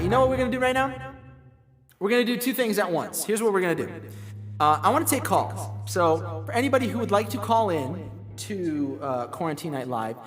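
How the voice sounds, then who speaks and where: Livestream host, male, high and animated, rambling and self-mocking, reverb-heavy room. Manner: rambling, self-deprecating, reads chat aloud. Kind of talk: casual livestream chat with singing.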